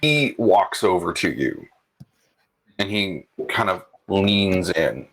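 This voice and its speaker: A man's voice: deep voice, sing-song, slow, a bit bright, a little hiss or hum, low-quality recording. A man narrating a tabletop game as game master, good-naturedly steering the story along.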